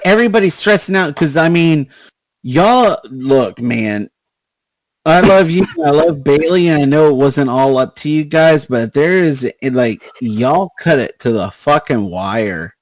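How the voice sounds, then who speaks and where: A man spins a rambling, profanity-laced story as a podcast co-host, stacking fillers and restarts as he goes. His voice sits a little high for a man and is recorded dry and close, with no room sound around it. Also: unhurried, dry recording, rough recording. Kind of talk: casual storytelling chat.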